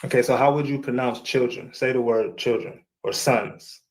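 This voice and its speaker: A man's voice: medium pitch, fairly even intonation, normal speed, low-quality recording. A man speaking as a guest on a video call, informal and casual, pushing back with questions. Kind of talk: casual debate on a stream call.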